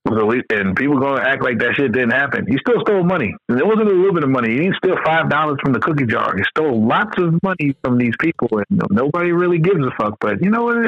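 A man's voice: medium pitch, very animated, fast, hardly any pauses, no room sound, highs cut off. A man co-hosting a podcast, talking in a heated, profane, emphatic way in casual chat. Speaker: podcast co-host.

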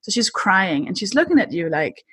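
Woman, podcast host, husky breathy voice, playful, dry sound. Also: medium pitch, very animated, normal speed, a bit bright, no room sound. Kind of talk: casual interview chat.

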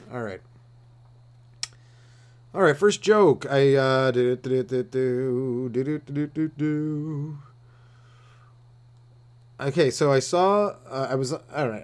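A man's voice: medium pitch, fairly bright tone. A man, a stand-up comedian ranting on his solo podcast in a meandering, laid-back way. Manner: laid-back and meandering, with restarts and acted-out voices. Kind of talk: rambling comedic rant.

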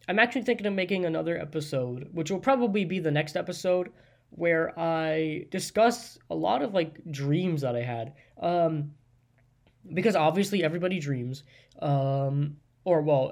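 A solo podcast host in a loose, unscripted monologue, with a voice sitting at an ordinary middle pitch. The delivery wanders and doubles back, with frequent restarts, stumbles and fillers as the host muses aloud and hedges each point. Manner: thinks aloud, hedging and musing.

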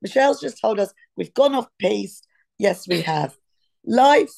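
A woman's voice: mid-range voice, animated, measured pace, gravelly, warm tone, slightly rough. A woman in her fifties co-hosting a podcast in casual chat, rambling and losing her thread mid-sentence. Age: 50s. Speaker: podcast co-host.

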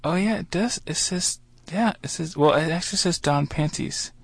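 A man with a fairly high, gravelly voice co-hosts a comedy radio show. He sounds earnest and hesitant, his talk full of fillers. The sound is close and dry. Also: normal speed, no echo.

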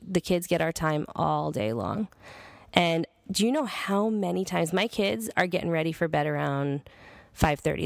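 Low gravelly profane woman talking. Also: a little mellow, no room sound. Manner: blunt and profane, earnest. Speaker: podcast host. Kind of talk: casual monologue.

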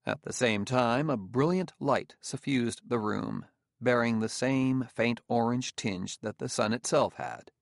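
Gravelly male audiobook narrator. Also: mid-range voice, measured pace, dry recording, studio quality. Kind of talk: scripted narration.

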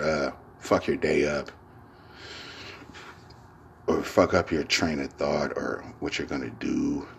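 With a bass voice that's a bit bright, a podcast host rambles through a casual solo monologue, loose and profane, packed with slang and repeated fillers, laughing often. There's a little hiss or hum in the audio.

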